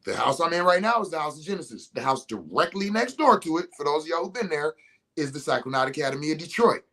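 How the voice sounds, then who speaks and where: Animated, profane man telling a story. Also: fairly high pitch, fast talker. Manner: animated, profane, acts out quotes. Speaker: healer and host. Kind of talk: casual storytelling talk. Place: house, indoors.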